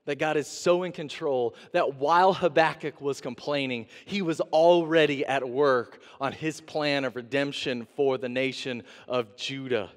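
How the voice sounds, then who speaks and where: A man's voice: medium pitch, a little slow, hardly any pauses. Man preaching in a reverberant church. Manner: animated preaching, acts out voices of God and the prophet. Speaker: interim pastor. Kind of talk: sermon. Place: church sanctuary. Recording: long reverb of a church sanctuary.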